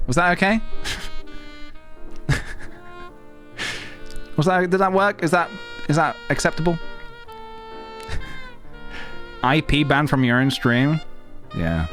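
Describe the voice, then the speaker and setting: A man's voice: mid-range voice, a bit bright. A man streaming a game, chatting casually and self-deprecatingly while thanking viewers. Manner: rambling, self-deprecating, thanks chat, reads game text aloud. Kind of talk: casual live-stream chat.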